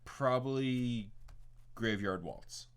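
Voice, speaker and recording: A man with a Philadelphia-area accent co-hosts a podcast in an easygoing, teasing way, quick to laugh along. His voice is smooth and clear, at an ordinary pitch. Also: dry recording. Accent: Philadelphia-area American. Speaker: podcast co-host. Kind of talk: casual chat.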